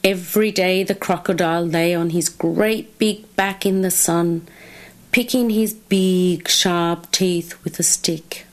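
A woman reading a children's story aloud with slow, expressive, drawn-out phrasing. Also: on the low side.

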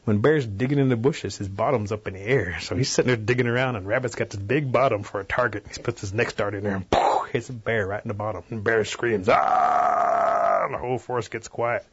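A man telling a traditional folk tale in a relaxed, animated way, in a dull radio recording. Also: fairly low pitch, fast, hardly any pauses, husky. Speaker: storyteller guest. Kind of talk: oral folk-tale storytelling.

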